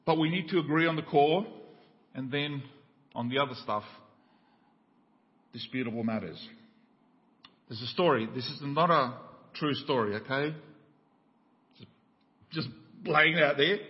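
A man with an Australian accent, a pastor preaching a sermon in a church, telling a joke with rising excited voices. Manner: preaching with a joke, voices climbing high in the tale. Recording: dull church recording with long reverb.

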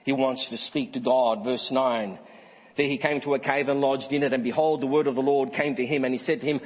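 Husky guy preaching in a church, dull muffled recording with long reverb, goes big and loud then drops quiet. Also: steady tone, fast talker. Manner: rises to high emphatic peaks, then drops to quiet asides; asks the congregation direct questions. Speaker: pastor. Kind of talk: sermon.

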